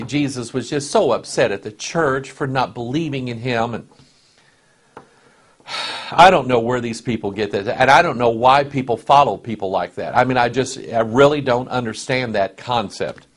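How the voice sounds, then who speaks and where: A man, a pastor, leading a Bible study. He reads scripture with rising force and talks to the room in conversational asides. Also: mid-range voice.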